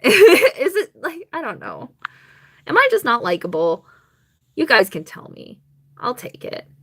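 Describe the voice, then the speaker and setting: Bright-voiced woman telling a rambling story. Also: medium pitch, wildly swooping pitch, breathy edge. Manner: chatty, rambling, quick laughs, mock-quoting others. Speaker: live-stream host. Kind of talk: casual live-stream storytime.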